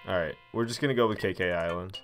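A man's voice: low voice, quick pace, faint music behind. A man streaming a cozy life-sim game, chatting casually and thinking aloud, laughing easily at what happens on screen. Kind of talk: casual gameplay livestream commentary.

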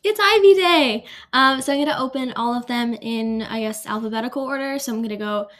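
A woman's voice: on the high side, steady tone, fast talker. A young woman in her late teens vlogging in a casual, chatty way, filling her talk with ums as she walks through each step. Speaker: vlogger opening college decisions. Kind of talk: casual chat to camera.

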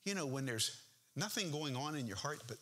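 Husky-voiced pastor preaching with passion. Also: male voice, fairly high pitch, expressive, a little fast, bright, forceful tone. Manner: earnest, impassioned preaching with rising emphasis. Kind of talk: sermon. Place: church.

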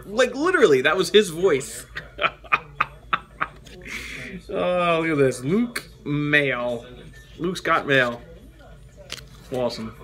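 Slow, bright-voiced man opening cards. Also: fairly high pitch, lively intonation. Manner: chatty, reads names aloud, joking asides. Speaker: toy show host. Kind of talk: casual card-opening chat.

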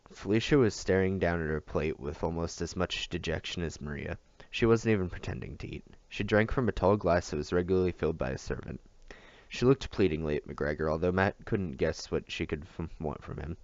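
Brief: a male audiobook reader, low gravelly voice, dry and muffled recording. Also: dry recording. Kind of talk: reading a novel aloud.

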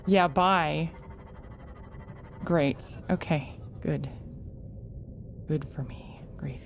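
A woman's voice: deep voice, drawn-out words, gravelly, faint music behind. A young woman commenting nervously on a game as she plays, talking to creatures and swinging between shrieks and whispers. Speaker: gamer.

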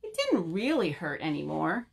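A woman librarian leading a virtual story time, reading a picture book aloud and chatting to young children in an animated way. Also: fairly low pitch, vocal fry, breathy edge. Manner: animated, slow, talks to children.

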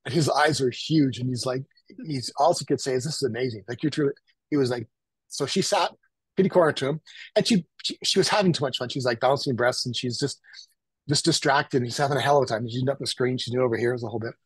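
A man, telling lively anecdotes as a photographer guest and acting out what people said. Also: mid-range voice, quick pace, slightly rough, dry recording, poor audio. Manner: animated anecdotal, acts out quotes. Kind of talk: casual storytelling.

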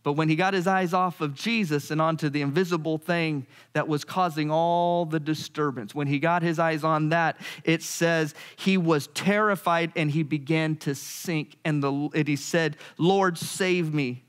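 A pastor preaching a sermon, lively and animated, shifting his voice when quoting others. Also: on the high side, moderate pace, few pauses, smooth.

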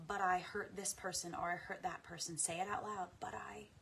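A woman guiding a tapping meditation, speaking affirmations slowly and softly with deep sighs between them. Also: little pitch movement, slight background noise. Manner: slow, soft and soothing, with frequent deep sighs. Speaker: guided tapping practice leader.

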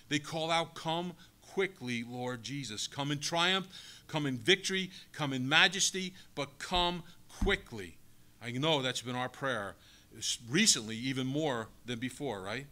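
A man's voice: medium pitch, expressive, moderate pace, bright, forceful tone. A male pastor giving a sermon, preaching emphatically and asking the congregation rhetorical questions.

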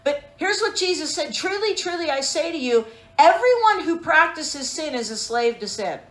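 Woman preacher, high voice, emphatic sermon delivery, echoey room. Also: big pitch swings, normal speed, fairly bright tone. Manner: emphatic, calls for amens, rhetorical questions.

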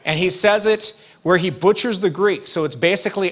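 A male pastor with a high-sitting, fairly bright voice preaches a sermon at normal speed. His delivery is conversational and emphatic, with asides directed to the congregation.

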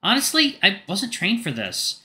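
A man voicing a gentle, caring male dog who works as a doctor, earnest and apologetic. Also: sits high, wildly swooping pitch, a little slow, pitched above the performer's own voice, heavily acted.

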